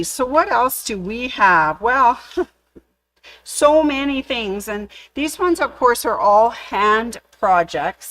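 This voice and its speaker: A woman from Canada hosts her sewing shop's video, presenting each kit in a chatty, affectionate way with light jokes. Her voice sits a little high and her pace is slow and unhurried. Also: fairly bright tone. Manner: chatty, fond, with small jokes. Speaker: sewing store host. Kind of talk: casual product showcase.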